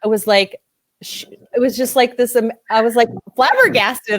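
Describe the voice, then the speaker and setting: A woman's voice: a little high, normal speed, dry recording, studio quality. A woman body-image coach telling a client story in an interview, emotional and teary, gushing as she quotes herself. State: teary-eyed.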